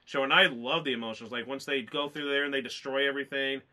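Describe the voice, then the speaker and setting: A man co-hosting a casual movie review, rambling and excited, often laughing. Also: mid-range voice, fast talker, slight background noise.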